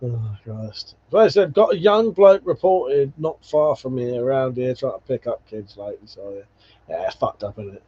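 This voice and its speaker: A man's voice: mid-range voice, animated, normal speed, dark tone. A man hosting a casual livestream, chatting with viewers and telling rambling stories full of swearing and laughs. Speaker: livestream host. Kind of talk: casual livestream chat reading viewer comments. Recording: dull lo-fi stream audio.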